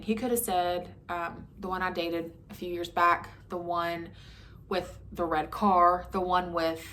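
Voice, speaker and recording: Talking straight to her camera, a woman in her twenties gives a candid storytime monologue, casual and full of "like" and "um." Her vlogging voice is fairly low, with a bright, forceful tone.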